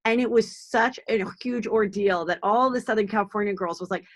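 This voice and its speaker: A woman's voice: mid-range voice, fairly quick. A woman in her forties, a comedian hosting a podcast, chatting in a gossipy way with frequent ums. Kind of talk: casual interview chat.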